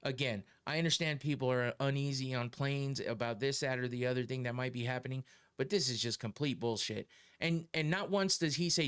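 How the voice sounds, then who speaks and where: A man's voice: mid-range voice, brisk, fairly bright tone, clean tone. Profane ranting podcast host, man. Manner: profane, heated, laughs often. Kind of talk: casual opinion rant.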